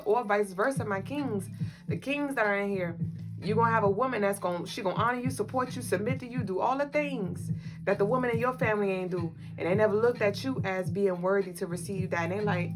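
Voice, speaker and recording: With music running underneath, a woman in a mid-range voice co-hosts a spiritual livestream at a brisk clip. She addresses viewers directly, casual and emphatic, repeating herself often.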